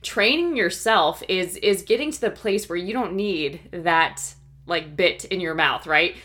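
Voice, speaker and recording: A woman with a slightly low voice gives a faith-based coaching talk. She sounds conversational and encouraging and keeps checking in with her listeners as she teaches. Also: a little slow. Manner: warm, encouraging, laughs now and then.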